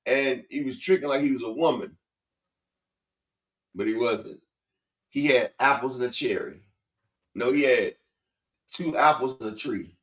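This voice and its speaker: A man's voice: mid-range voice, measured pace, pauses often, fairly bright tone. A man chiming in on a casual livestream with crude, rowdy joking and swearing. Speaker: co-host chiming in. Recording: distant, roomy mic.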